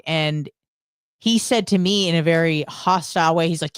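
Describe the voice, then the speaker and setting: A woman's voice: low voice, normal speed, clean tone, no room sound, clean studio sound. A woman co-hosting a show, telling a story in a blunt, profane and sarcastic casual rant. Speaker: podcast co-host. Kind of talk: casual ranting monologue.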